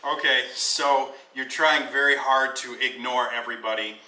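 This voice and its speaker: A man's voice: medium pitch, steady tone, moderate pace, bright, forceful tone. A man narrating as game master of a tabletop game, laughing often and hesitating with ums. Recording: echoey room from far off, faint noise.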